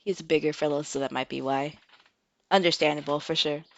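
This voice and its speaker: A woman from the United States chatting casually on a live stream, full of "like" and "um", breaking into excited squeals, laughs and swearing. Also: sits low, fairly quick, dry recording. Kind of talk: casual live-stream chat and trailer reaction.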